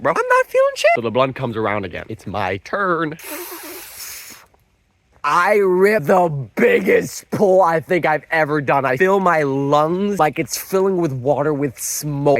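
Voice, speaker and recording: A man's voice: medium pitch, no room sound. Young male vlogger, casual storyteller, slangy and rambling, mid-range voice.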